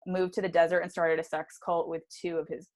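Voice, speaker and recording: A woman co-hosting a podcast, telling stories in animated casual chat with fillers. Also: fairly low pitch, fairly quick. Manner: animated storytelling with fillers and laughs. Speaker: podcast co-host.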